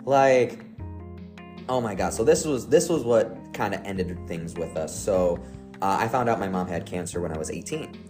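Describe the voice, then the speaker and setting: A man's voice: low-pitched, animated, normal speed, music in the background. A young man co-hosting a podcast, telling a story in a casual, jokey way and laughing often. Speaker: podcast co-host.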